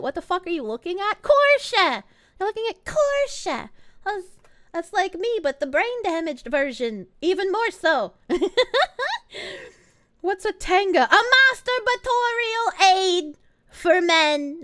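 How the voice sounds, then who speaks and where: A woman's voice: extremely high pitch, expressive, a little slow, fairly bright tone. A woman streamer chatting casually with her viewers, playful and crude, with lots of swearing. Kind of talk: casual live-stream chat.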